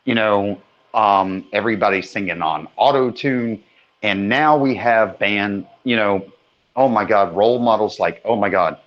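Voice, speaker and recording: A man hosting a podcast, giving slow, opinionated views with casual swearing. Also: on the low side, dull audio. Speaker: podcast host.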